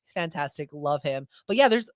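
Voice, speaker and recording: Low-voiced woman, excitable chat. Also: brisk, no echo, studio quality. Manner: excitable storyteller, acts out quotes. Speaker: podcast co-host. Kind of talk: casual chat.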